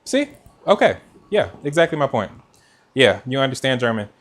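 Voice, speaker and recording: A man hosts a live cooking stream from a kitchen in a relaxed, chatty way, turning to his viewers and reading out their comments as he works. His voice sits at an ordinary middle pitch. He speaks into a mic with noise cancellation. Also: moderate pace. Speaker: cooking livestream host. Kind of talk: casual live chat while cooking.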